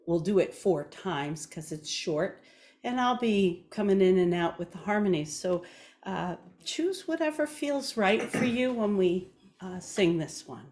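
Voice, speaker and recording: A woman music leader softly introducing a hymn at a service. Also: mid-range voice, lively intonation. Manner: soft, unhurried, sings lightly.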